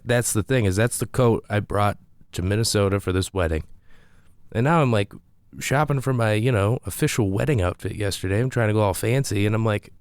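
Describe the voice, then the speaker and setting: A man's voice: lowish voice, darkish tone, no room sound. A man, a comedian, telling a rambling, self-deprecating story in a casual monologue with frequent restarts.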